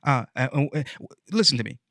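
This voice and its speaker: A man's voice: mid-range voice, animated, fairly quick, gravelly, pushed and bright, no echo, studio quality. Folksy man giving a pep talk. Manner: preachy, folksy, playful asides. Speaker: show host. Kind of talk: motivational monologue.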